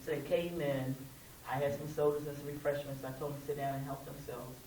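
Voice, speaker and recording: In a bass voice with a dark tone, little pitch movement and a slightly quick pace, a middle-aged woman who leads a local civil rights chapter shares folksy stories at a community meeting, performing the dialogue she quotes. The audio carries faint hiss and echo, with her distant from the microphone.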